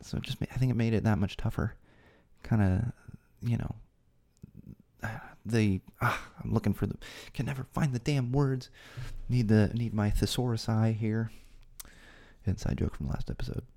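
A man with a dark, relaxed tone and some gravel in it hosts a podcast. He tells a personal story in an earnest, candid way, speaking from the heart. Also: fairly low pitch, moderate pace. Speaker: podcast host.

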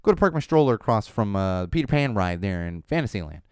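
A man in his thirties hosts a casual solo podcast, telling stories with lots of swing in his voice and dropping into muttered asides. His voice is smooth and resonant. The sound is dry and close. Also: lowish voice, fast talker, no echo. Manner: animated storytelling, ranting, drops to muttering asides. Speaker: podcast host.

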